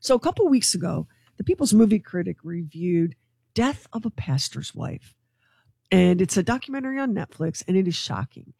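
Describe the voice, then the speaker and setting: A woman co-hosting a morning radio show, telling a news story to her co-hosts in an excitable, gossipy way. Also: lowish voice, moderate pace, creaky, husky, no echo. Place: radio studio.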